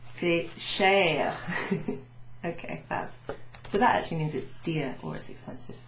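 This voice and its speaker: A woman French teacher recapping a beginners' lesson, chatty, saying French phrases slowly with teacherly emphasis. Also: deep voice, lively intonation, vocal fry. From Wales. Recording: echoey room with faint noise.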